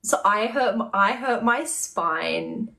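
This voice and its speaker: A woman's voice: medium pitch, animated, slow pace, creaky, bright, forceful tone. A woman musician as a podcast guest in casual chat, joking and laughing along.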